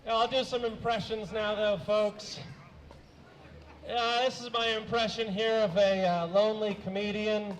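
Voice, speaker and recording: A young man doing a deadpan stand-up set of one-liners, halting, with many uhs and some throat clearing. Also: high-pitched, slight background noise, poor audio. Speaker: stand-up comedian.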